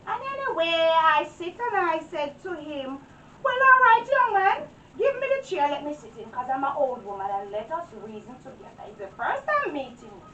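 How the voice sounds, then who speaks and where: Shrill, lively old Jamaican lady, played by a woman: dramatic, scolding, full of exclamations. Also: normal speed, far from the mic, muffled recording, a little hiss or hum, full character voice. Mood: indignant. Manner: exclaiming, dramatic, mixes patois with English. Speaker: actor in a comedy skit. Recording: echoey room, voice from afar.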